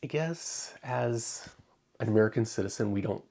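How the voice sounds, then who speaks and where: A man with a low, gravelly voice and a husky edge talks casually on his livestream. He is emotional and close to tears, stopping often with ums as he searches for words. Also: expressive, normal speed, darkish tone. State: tearful. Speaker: crafting channel host.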